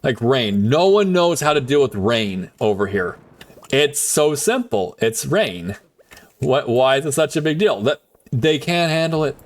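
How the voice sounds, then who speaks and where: A young man rambles through a casual live stream while he plays, his pitch swinging up and down. He talks in an animated, loose way and swears without a second thought. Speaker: game streamer.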